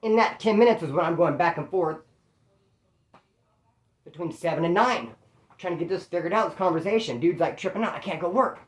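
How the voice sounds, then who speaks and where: A man's voice: on the high side, a little fast, long pauses. Slangy man telling a story, echoey room. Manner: slangy, animated, acts out quoted voices. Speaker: storyteller recounting prison life. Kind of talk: casual storytelling.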